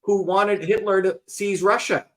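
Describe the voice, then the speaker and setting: A man's voice: high-pitched, steady tone, measured pace. A man hosting a talk show, lecturing emphatically in casual conversation and cursing freely. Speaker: host.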